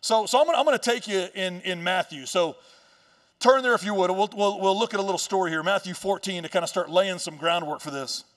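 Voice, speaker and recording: A man preaching a sermon as pastor, telling a Bible story in a casual, joking way with quick asides. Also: high voice, fairly bright tone, recorded from a distance. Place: church stage.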